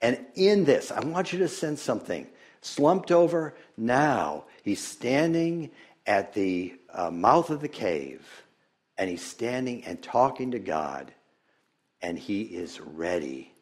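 A man preaching a sermon in a voice of ordinary pitch for a man. He swings from loud, emphatic bursts down to hushed, almost whispered passages, chuckling here and there and restarting his phrases. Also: very animated, takes it slowly. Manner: chuckles often, with hesitant restarts. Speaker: pastor.

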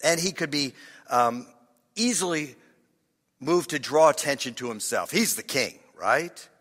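A man preaching a sermon as pastor, halting and repeating words, often dropping his voice to a hushed near-whisper for emphasis. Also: on the high side, lively intonation. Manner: halting, repeats words, drops to a hush for effect. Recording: long hall reverb.

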